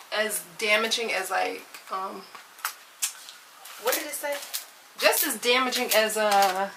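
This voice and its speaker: A woman in her thirties chatting casually to camera in her kitchen while cooking, animated and folksy. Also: a little high. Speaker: vlogger. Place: home kitchen, moving around. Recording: slightly distant with faint room noise.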